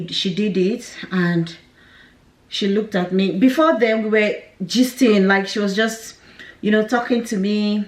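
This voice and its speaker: A woman's voice: mid-range voice, unhurried. A young woman tells a painful personal story straight to camera. She speaks candidly, with nervous laughs breaking through. Her voice sits in a middle range, and it rings in an echoey room. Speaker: vlogger.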